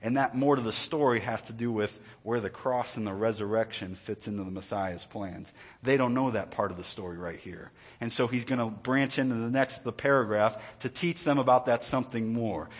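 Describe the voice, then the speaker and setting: A man's voice: medium pitch, brisk, few pauses, breathy edge. A male pastor, preaching in a conversational way with joking asides and repeated words. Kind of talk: sermon.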